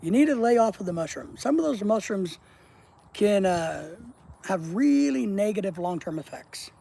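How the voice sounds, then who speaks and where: Male stream host with a raspy, higher-pitched voice. Casual and joking, crude and teasing as he reads chat aloud outdoors at night. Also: lively intonation, normal speed, mellow, poor audio. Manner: joking, teasing, blunt and profane. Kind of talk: casual live-stream chat, reading viewer comments.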